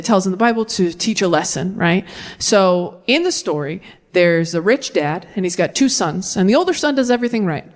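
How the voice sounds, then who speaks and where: A woman performing a stand-up comedy set on a club stage, brash and self-deprecating, talking frankly to a live audience. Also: mid-range voice.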